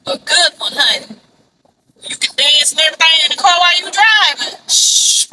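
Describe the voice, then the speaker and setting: A woman's voice: sits high, normal speed, background noise. A woman, chatting casually to her viewers in a vlog recorded in her car. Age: 50s. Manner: chatty, animated, calls viewers baby. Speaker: vlogger. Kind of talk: casual chat.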